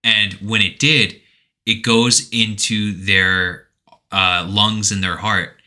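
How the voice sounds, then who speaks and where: A man co-hosting a podcast, casually retelling a video game's story and acting out characters' lines in loud put-on voices. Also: lowish voice, flat delivery, takes it slowly. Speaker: podcast co-host.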